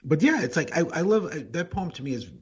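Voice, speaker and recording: A man, a poet and author, talking in a casual interview with thoughtful, halting speech full of restarts. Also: on the high side, very animated, breathy edge, dull audio.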